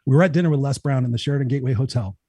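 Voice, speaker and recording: Быстрый мужчина с глухим, тёплым голосом. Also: male voice, medium pitch, racing, husky, no room sound. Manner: energetic, swears freely, acts out quotes. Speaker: motivational speaker. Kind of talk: casual storytelling chat.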